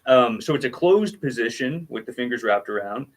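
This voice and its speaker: A man's voice: mid-range voice, expressive, moderate pace. A man giving a casual drum lesson on a livestream, patiently explaining technique and counting out strokes as he demonstrates. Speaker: drum teacher.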